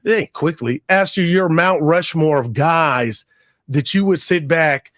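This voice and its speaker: A man's voice: on the high side, measured pace, a bit bright, no room sound, clean studio sound. A man co-hosting sports talk radio, bantering in a laid-back, slangy way.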